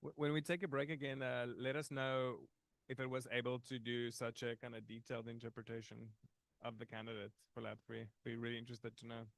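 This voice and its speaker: A man's voice: mid-range voice, little pitch movement, brisk, vocal fry, a bit bright, dry recording. A man teaching a live conference workshop, talking in a casual, chatty way with fillers and restarts. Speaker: workshop instructor. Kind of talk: live technical workshop talk.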